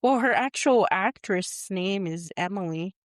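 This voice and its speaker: A woman's voice: mid-range voice, animated, a little slow, no room sound, studio quality. A woman co-hosting a podcast, chatting casually and filling in plot details of a film. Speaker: podcast co-host. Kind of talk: casual movie recap chat.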